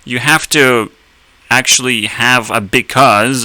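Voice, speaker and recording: Young man, sarcastic profane rant, bright forceful tone, dry close sound. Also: mid-range voice, steady tone, takes it slowly, dry recording, rough recording. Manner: blunt, sarcastic, swears a lot, laughs at own jokes. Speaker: streamer. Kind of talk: profane ranting commentary.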